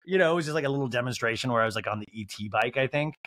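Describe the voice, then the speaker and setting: A man's voice: medium pitch, racing, a bit bright, dry recording, clean studio sound. A man hosting a podcast, giving a rambling, comedic recap of a reality show with lots of fillers like "like". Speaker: podcast host.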